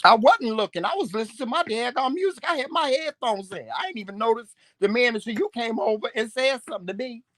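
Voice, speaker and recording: A man co-hosting a casual couple vlog, telling a story in an animated, teasing way with plenty of salty language. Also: extremely high pitch, fast talker, few pauses, no echo. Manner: salty, profane. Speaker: vlog co-host.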